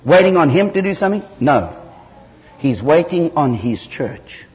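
A man from southern Africa preaching a sermon, telling stories with lively jumps in pitch. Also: unhurried. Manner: animated storytelling with sudden loud jumps in pitch. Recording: hall reverb.

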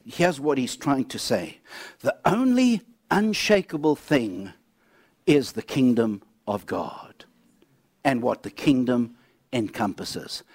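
A man preaching a sermon, telling stories with lively swings between animated bursts and low, quiet emphasis. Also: takes it slowly, slightly rough, no echo.

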